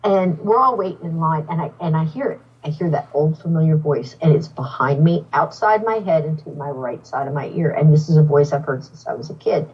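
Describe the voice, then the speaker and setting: A psychic medium appearing as a podcast guest tells a personal story casually and with animation, acting out the voices of the people involved. Her low, breathy voice moves a little fast with hardly any pauses. She sits far from the mic, and the highs are cut off.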